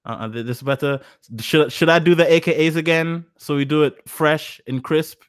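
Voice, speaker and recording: A man's voice: a little high, normal speed, smooth, dry recording, clean studio sound. A young man in his twenties hosting a live stream, talking in a rambling, profane, self-mocking way on a cheap mic. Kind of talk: casual live stream chat. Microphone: cheap mic said to sound bad.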